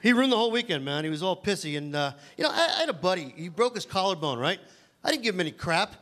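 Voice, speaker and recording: A man's voice: high voice, sing-song, fast, fairly bright tone. A man doing a stand-up set on a comedy club stage, telling rambling, self-mocking stories that he keeps stumbling through.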